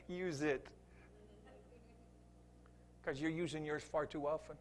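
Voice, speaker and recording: A middle-aged man preaching a revival sermon, swinging from quiet asides to loud emphatic preaching. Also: a little high, steady tone, slow, pauses often.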